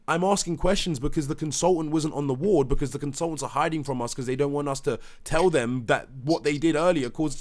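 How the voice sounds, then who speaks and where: A man, a father, talks heatedly in a live debate, acting out others' words and swearing. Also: a little high. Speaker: parent telling his story.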